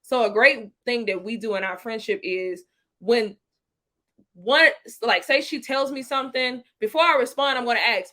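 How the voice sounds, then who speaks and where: A woman co-hosting a casual podcast, talking through tips in a lively, informal way and laughing often. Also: a little high, moderate pace. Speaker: podcast co-host.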